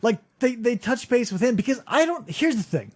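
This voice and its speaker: A man co-hosting a casual podcast recap, animated and swearing freely, acting out quotes in little voices. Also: very high voice, normal speed, husky. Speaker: podcast co-host.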